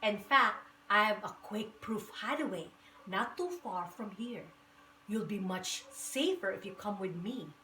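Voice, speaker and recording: A woman voicing a sly, scheming male weasel in a storybook reading, with a smooth, sneering manner. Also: mid-range voice, lively intonation, measured pace, sharp tone, recorded from a distance, slight background noise. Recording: echoey room.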